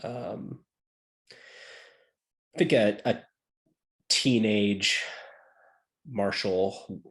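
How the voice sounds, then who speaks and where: A man player setting up his narration in a tabletop game, unhurried and thinking aloud. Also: fairly low pitch, fairly bright tone.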